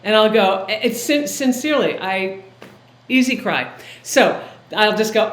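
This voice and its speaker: A woman producer and director speaking as an interview guest, warm and enthusiastic, laughing easily. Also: medium pitch, very animated, takes it slowly, roomy sound. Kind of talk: casual interview conversation.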